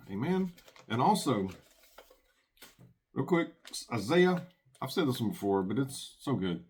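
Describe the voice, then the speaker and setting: A man's voice: mid-range voice, big pitch swings, measured pace, pauses often, a little mellow. A man hosting a prepping channel, giving earnest, folksy commentary and reading scripture aloud.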